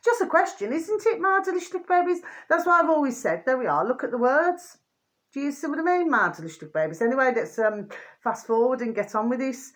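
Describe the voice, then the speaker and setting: A woman's voice: expressive, fast. Chatty woman rambling to viewers. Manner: chatty, repeats pet phrases and asks "do you know what I mean"; often drops to a low murmur, then rises high and laughs. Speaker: channel host. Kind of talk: rambling casual monologue.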